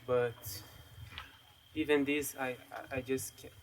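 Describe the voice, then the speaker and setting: A man at a spiritual gathering, sharing his doubts in a halting way, searching for words. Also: medium pitch, level tone, a little hiss or hum.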